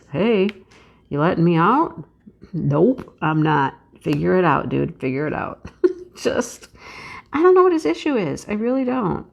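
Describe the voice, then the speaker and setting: Woman, vlog host, casual chat, rambling animated storytelling, lowish pitch. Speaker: craft channel host.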